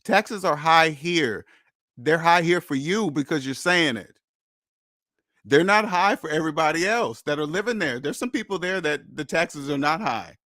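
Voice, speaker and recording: A man's voice: fairly high pitch, lively intonation, moderate pace, sharp tone, dry recording. Blunt lecturing man, dry close sound. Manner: blunt, lecturing, repeats points for emphasis. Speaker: host. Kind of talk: casual monologue.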